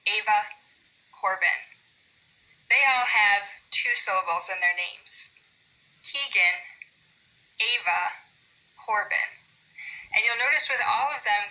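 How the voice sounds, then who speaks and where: A woman teaching a class about meter in poetry. She explains patiently and says the example names slowly, stressing their syllables. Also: a little high, pushed and bright, rough recording.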